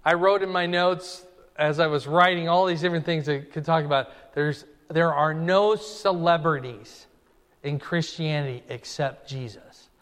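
A man's voice: a little high, fairly even intonation, moderate pace, fairly bright tone, smooth. Guy pastor explaining scripture, casual asides, punchy emphasis, long reverb behind him. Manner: conversational, emphatic, rising for stress. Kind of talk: expository Bible teaching sermon.

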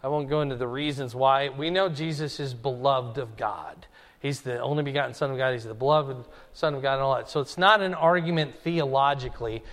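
A man's voice: medium pitch, fairly quick, fairly bright tone. Guy pastor explaining scripture, casual asides, punchy emphasis, long reverb behind him. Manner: conversational, emphatic, rising for stress. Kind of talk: expository Bible teaching sermon.

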